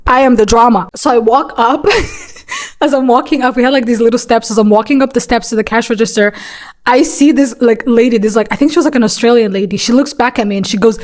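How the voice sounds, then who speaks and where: Fast-talking chatty young woman. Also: a little high. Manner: rambling, chatty storytelling full of "like" and "right?"; profane, dramatic. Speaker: vlogger. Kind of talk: storytime vlog.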